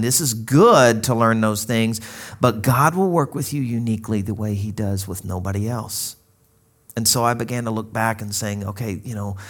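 A man's voice: mid-range voice, a bit bright. A man from Arkansas in his thirties, preaching a sermon in a conversational, storytelling way and acting out quoted dialogue. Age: 30s. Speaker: pastor.

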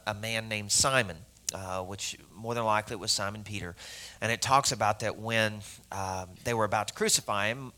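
A man's voice: mid-range voice, bright, forceful tone. A man from Arkansas preaching a sermon to a congregation in a conversational, joking way, with many fillers and asides to the audience. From Arkansas, US South. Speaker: pastor.

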